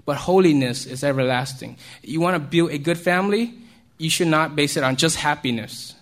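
A man delivers an easygoing sermon to young listeners in a voice that sits a little above the usual male range. He keeps it conversational, checking in with the group and chuckling softly between points. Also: fairly high pitch, normal speed. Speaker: youth speaker. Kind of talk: informal sermon to young people.

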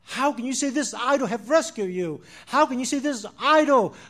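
A preacher voicing a grieving, reproachful God. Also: male voice, very high voice, expressive, normal speed, bright, forceful tone, voice pushed up, exaggerated voice. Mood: pleading reproach. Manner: pleading, questioning in reproach. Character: sorrowful, pleading God addressing humanity.

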